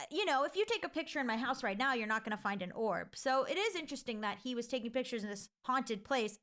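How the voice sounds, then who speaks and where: A woman's voice: fairly high pitch, fairly bright tone. A woman telling a personal ghost story in a chatty, casual way, full of filler likes and restarts.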